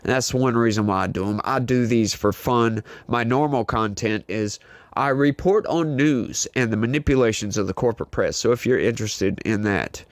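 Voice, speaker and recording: A man's voice: medium pitch, normal speed, dry recording. Blunt male commentary host, dry sound. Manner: blunt, dismissive. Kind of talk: political reaction commentary.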